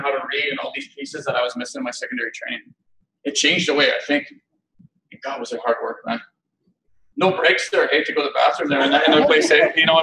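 A man giving a keynote talk, telling funny stories about himself with animated delivery and frequent laughter. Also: on the high side, gravelly, slight background noise. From Canada. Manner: animated, self-mocking, laughs often. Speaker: keynote speaker. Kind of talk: humorous storytelling keynote. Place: conference hall. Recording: echoey hall, mic at a distance.

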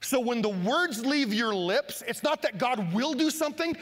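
A pastor preaching a sermon, animated, acting out Bible scenes and shouting for emphasis. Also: male voice, very high voice, normal speed. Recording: long hall reverb.

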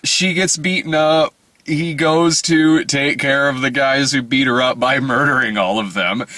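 A man's voice: medium pitch, measured pace, pushed and bright, no room sound. A man hosting a casual movie review podcast, rambling and profane, laughing often as he talks.

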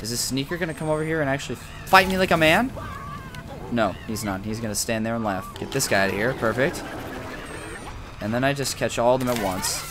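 A young man giving casual, excitable gameplay commentary with frequent swearing, shouting at characters in the game. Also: mid-range voice, fairly quick, faint music behind. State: sore tongue from a cold sore. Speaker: gaming video creator.

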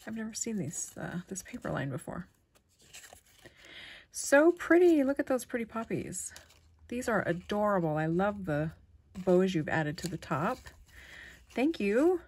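A woman chatting casually as she unboxes a package of craft supplies, gushing with delight and often dropping to a soft whisper. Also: medium pitch, sing-song, moderate pace, slightly rough. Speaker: crafting vlogger.

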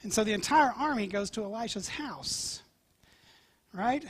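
High-voiced man preaching with drama. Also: measured pace, breathy edge, no echo. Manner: animated storytelling, dropping to near-whispers. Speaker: pastor. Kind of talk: sermon.

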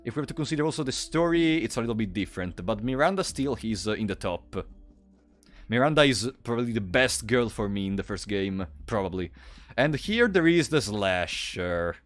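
A man giving casual live-stream commentary while playing, excitable and quick to thank donors out loud. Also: fairly low pitch, dry recording. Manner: excitable, thanks donors loudly, restarts often.

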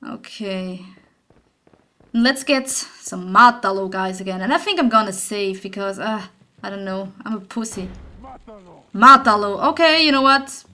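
A woman's voice: mid-range voice, expressive, measured pace, pushed and bright. A young woman commenting on a horror game as she plays, easily startled, swearing and laughing nervously. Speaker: gaming channel host. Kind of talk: let's play commentary.

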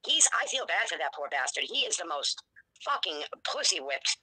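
A woman in her sixties, speaking bluntly and profanely as an interview guest, telling her story in an animated way. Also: lowish voice, moderate pace, a crowd in the background, rough recording. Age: 60s. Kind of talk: candid interview.

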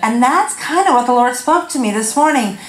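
A woman's voice: high-pitched, lively intonation, brisk. Woman, 50s, guest preacher; frank and funny, self-deprecating; hand mic, reverberant sanctuary. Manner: candid, self-deprecating storytelling with laughs. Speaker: guest speaker. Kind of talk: humorous sermon. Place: church sanctuary. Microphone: handheld corded mic. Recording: echoey church hall.

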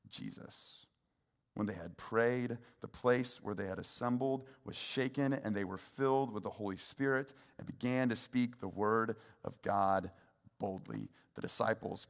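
A man's voice: mid-range voice, in a large hall. A man, a minister, preaching a sermon in a casual, conversational way, reading scripture along the way. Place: church sanctuary.

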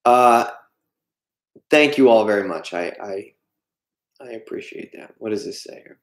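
A man's voice: on the low side, animated, unhurried. A man hosting a livestream, joking and self-deprecating as he answers chat messages. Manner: jokey, self-deprecating, reads chat aloud. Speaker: livestream host. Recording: echoey room.

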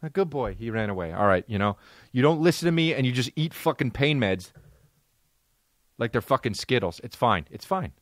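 Profane, exasperated comedian host. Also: male voice, medium pitch, expressive, moderate pace, no room sound, studio quality. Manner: profane, exasperated, punchy delivery. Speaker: podcast host. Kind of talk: comedic storytelling monologue.

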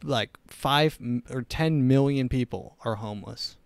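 A man's voice: mid-range voice, measured pace, creaky, smooth, dry recording. A young man hosting a comedy podcast, rambling through opinionated, sarcastic riffs in a casual monologue. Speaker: podcast host.

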